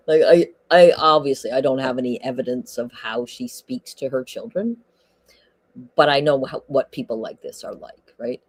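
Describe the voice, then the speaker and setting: A man's voice: medium pitch, normal speed, husky, no room sound. A man giving casual livestream commentary, hesitant and cynical, with many ums and restarts.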